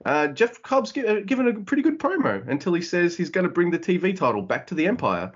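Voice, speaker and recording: A man co-hosting a podcast, chatting casually in an animated way, swearing and acting out quotes. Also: high-pitched, fast talker, breathy edge. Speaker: podcast co-host. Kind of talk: casual chat. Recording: dull lo-fi audio.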